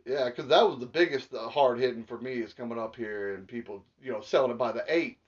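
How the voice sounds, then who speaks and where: A man's voice: mid-range voice, brisk. A man from Texas, chatting casually and profanely as a podcast co-host. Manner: laid-back, profane, talks to listeners. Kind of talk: casual chat. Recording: distant, dull lo-fi recording.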